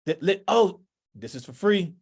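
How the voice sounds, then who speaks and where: Lively male workshop presenter. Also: high-pitched, normal speed, breathy edge. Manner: animated, talks in loose thoughts, acts out quotes. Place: workshop room.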